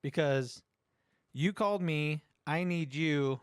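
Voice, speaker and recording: A middle-aged man hosting a podcast, telling a story in casual chat, animated, swearing and acting out quotes. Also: on the high side, a little slow, dry recording, studio quality. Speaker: podcast host.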